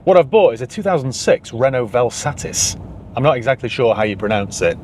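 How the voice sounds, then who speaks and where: A man's voice: mid-range voice, lively intonation, fairly quick, a little mellow, slight background noise. Dry, joking Northern English man. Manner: dry, sarcastic humour. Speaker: used car dealer and channel host. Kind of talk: casual vlog to camera.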